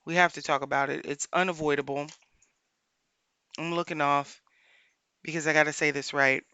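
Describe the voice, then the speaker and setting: A woman life coach hosting a solo podcast, speaking earnestly and repeating her points for emphasis, pausing often to think aloud. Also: deep voice, steady tone, bright, forceful tone, clean tone, no room sound, highs cut off.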